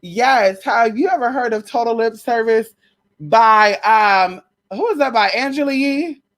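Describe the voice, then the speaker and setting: Speaking unhurriedly in a fairly high voice, a woman runs a live stream where she dishes on celebrity spirits. Her manner is brash and sassy, peppered with slang and lots of swear words.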